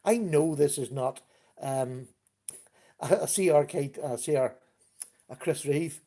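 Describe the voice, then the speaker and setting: A man's voice: on the high side, dark tone. Chatty man hosting a live stream. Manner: chatty, greets viewers by name, easygoing. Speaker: livestream host. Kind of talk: casual live chat with viewers.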